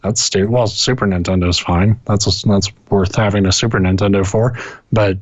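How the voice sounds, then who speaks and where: Low-voiced man on a dull, dry call. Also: fairly even intonation, moderate pace, no room sound. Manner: rambling, swears a lot, many restarts. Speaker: podcast co-host. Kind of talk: casual gaming chat. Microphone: internet call.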